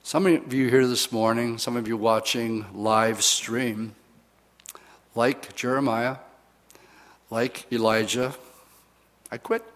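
A man's voice: medium pitch, steady tone, slow pace, long pauses, fairly bright tone. A man preaching a sermon and acting out the lines of the people he quotes. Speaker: pastor. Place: church. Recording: long reverb of a church hall.

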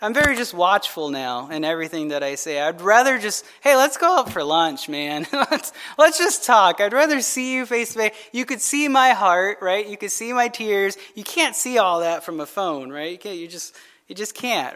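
A man's voice: sits high, animated, moderate pace, bright, forceful tone. A male pastor preaching a midweek sermon in a loose conversational way, asking "right?" over and over and adding jokey asides to the congregation.

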